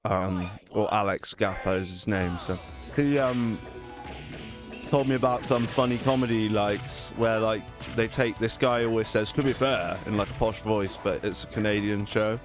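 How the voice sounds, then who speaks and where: A low-voiced man chats easily while he plays, joking about himself. Game music plays clearly underneath his voice. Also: fairly even intonation, normal speed. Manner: chatty, easygoing, self-deprecating. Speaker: streamer. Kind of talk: casual chat while gaming.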